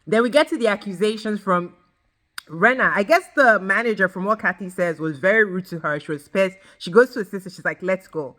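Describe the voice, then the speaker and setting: A woman's voice: mid-range voice, a little fast. A woman giving a ranting recap of a reality show, emphatic and blunt, swearing freely and talking straight to her viewers. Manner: emphatic, animated, addresses viewers directly. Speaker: reality TV reviewer.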